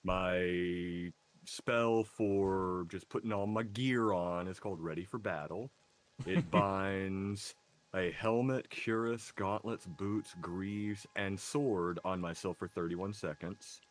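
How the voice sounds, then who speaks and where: Deep-voiced wry man chatting. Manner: wry, deadpan joking. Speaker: co-host of a game let's play. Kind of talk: casual gameplay chat.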